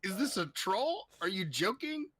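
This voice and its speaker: A young man co-hosting a casual comedy podcast, laughing, swearing and reacting loudly. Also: high-pitched, very animated, moderate pace, a crowd in the background. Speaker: podcast co-host.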